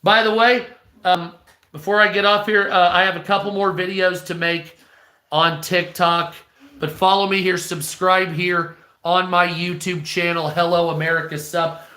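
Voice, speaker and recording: Man, hoarse strained voice, blunt and foul-mouthed, bright, echoey room. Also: sits high. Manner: profane, blunt, rambling. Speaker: online video creator. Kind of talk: casual ranting monologue.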